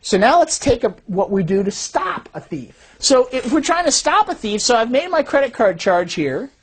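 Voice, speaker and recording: A woman who designs fraud detection systems, giving an explanatory talk in a lively way and acting out the voices she quotes. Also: on the high side, moderate pace, breathy edge.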